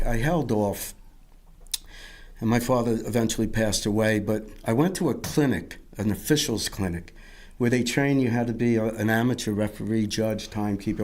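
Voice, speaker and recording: A man's voice: lowish voice, darkish tone. A middle-aged man from Yonkers, telling his life story as an interview guest in a rambling way, often repeating words and acting out what others said. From Yonkers, New York.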